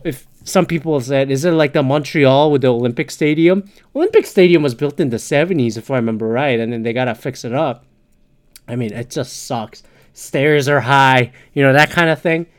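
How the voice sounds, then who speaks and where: A man's voice: fairly high pitch, dry recording. Profane ranting man, dry close mic. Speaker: podcast host. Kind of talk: casual monologue.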